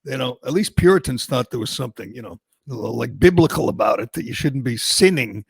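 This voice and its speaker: A male talk radio host tears into his targets with a mocking, emphatic rant, stumbling and restarting as he goes. His voice has a gravelly fry to it, and the dry, close studio mic leaves no room sound at all. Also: medium pitch, expressive, brisk, dry recording.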